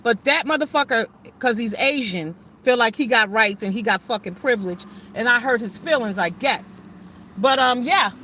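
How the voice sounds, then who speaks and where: A woman's voice: fairly high pitch, moderate pace, bright, forceful tone, a little hiss or hum. A woman hosting a livestream, ranting bluntly with plenty of swearing and greeting viewers by name. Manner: blunt, profane, fired-up. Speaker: livestream host. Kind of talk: livestream chat and rant.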